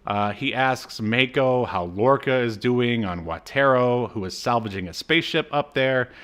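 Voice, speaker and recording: A man of ordinary pitch co-hosts a casual podcast, talking through an old cartoon's plot. He rambles loosely, leaning on "uh" and "um", and drops dry, wry asides along the way. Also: normal speed, fairly bright tone, clean tone. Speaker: podcast co-host. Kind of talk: casual chat recapping a cartoon.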